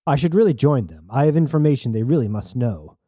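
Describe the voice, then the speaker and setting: A man's voice: medium pitch, expressive, fast, mellow, no echo, studio quality, close to an everyday voice. A man voicing a tense, haunted male ship captain who speaks tersely.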